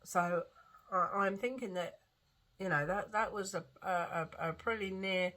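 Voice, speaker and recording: A woman's voice: medium pitch, unhurried, fairly bright tone. A woman with a lingering cough, rambling and repeating herself as she tells a story in a chatty vlog. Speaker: vlogger.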